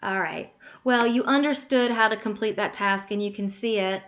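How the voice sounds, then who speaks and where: In a screen-recorded software tutorial, a woman patiently walks through every click and fixes her own slips out loud. Her voice is mid-range and her pace moderate, and the recording has its high frequencies cut off.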